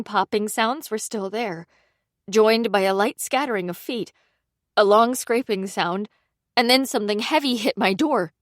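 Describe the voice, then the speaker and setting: A woman narrating a suspense audiobook in the first person, with a measured, tense reading. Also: mid-range voice, dry recording, clean studio sound.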